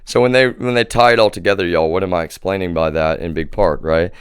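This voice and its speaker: Deep-voiced ranting man, twang. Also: quick pace, clear, resonant tone, no room sound, studio quality. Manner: ranting, profane, addresses viewers as y'all. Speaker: livestream host. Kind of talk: live stream monologue.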